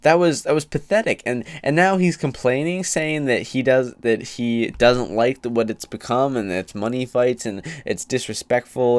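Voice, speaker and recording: A man's voice: medium pitch, normal speed, smooth, dry recording. A man giving opinionated, rambling casual commentary on a podcast, getting heated at times.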